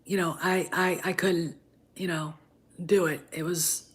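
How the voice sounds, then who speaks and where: Rambling fifty-something woman, low-pitched. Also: steady tone, measured pace. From Wisconsin, US. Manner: rambling, many fillers and restarts. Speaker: livestream host. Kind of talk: casual livestream chat.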